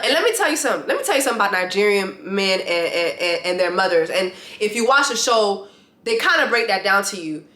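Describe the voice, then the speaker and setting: A woman vlogging a blunt, animated rant with free swearing, reviewing a reality show. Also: medium pitch, reverberant. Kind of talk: casual opinionated vlog rant. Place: lives in Atlanta.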